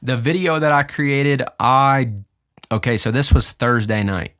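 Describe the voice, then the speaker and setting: A young man hosting a podcast, casually explaining his music and deliberately moving his pitch up and down as he talks. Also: fairly bright tone. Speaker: podcast host and music producer.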